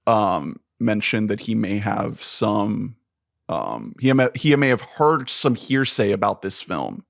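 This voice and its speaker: A man's voice: lowish voice, sing-song, takes it slowly, gravelly, no echo, clean studio sound. A man co-hosting a casual podcast chat, often hesitating with ums and laughing. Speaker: podcast co-host.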